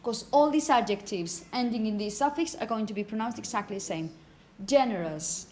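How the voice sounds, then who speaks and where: A woman teaching phonetics to a class, saying example words slowly and often asking "okay?". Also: fairly high pitch, lively intonation, a little mellow, slight background noise. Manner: repeats words slowly to model pronunciation; asks "okay?" often to check understanding. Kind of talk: classroom lecture.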